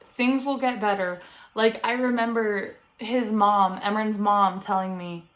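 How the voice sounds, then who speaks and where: A young first-time mom vlogs from her bedroom under a ring light, speaking earnestly and encouragingly to the camera and laughing often. Her voice is fairly high and fairly bright, with fairly even intonation and a moderate pace. It's heartfelt talk aimed straight at her viewers.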